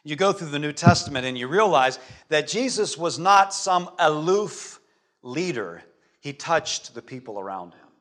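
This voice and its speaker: A male pastor preaching a sermon as animated storytelling, swinging between loud stretches and hushed ones. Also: a little high, a little slow.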